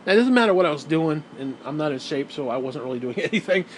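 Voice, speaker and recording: A man's voice: a little high, lively intonation, fast talker, a little hiss or hum, poor audio. A man telling a rambling story in a casual rant to his viewers, repeating himself, swearing and laughing now and then. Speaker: gaming and wrestling video host.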